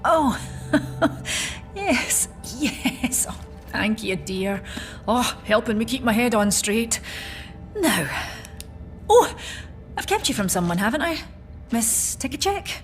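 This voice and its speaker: A muddled, soft-spoken old woman. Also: on the high side, big pitch swings, slow, faint music behind. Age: older. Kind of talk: video game cinematic drama.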